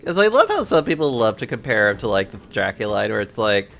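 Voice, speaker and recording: A man's voice: lowish voice, sing-song, fast talker, gravelly, fairly bright tone. A man streaming a game, chatting casually with friends, with lots of "like" and easy laughter. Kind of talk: casual gaming chat.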